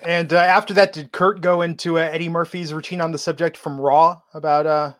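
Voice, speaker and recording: Male podcast co-host with a high voice, wry, reads viewer messages between quick asides. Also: flat delivery, a bit bright. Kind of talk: casual podcast chat.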